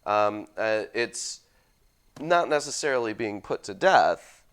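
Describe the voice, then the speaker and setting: A man's voice: fairly low pitch, expressive, slow pace, a bit bright, clean tone. A man co-hosting a casual discussion, making wry, analytical points.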